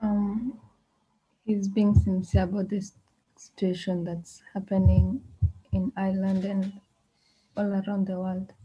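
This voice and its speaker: A woman student gives slow, hesitant answers over a video call. Her voice is dark and husky, and the call audio sounds dull and lo-fi. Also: medium pitch, level tone.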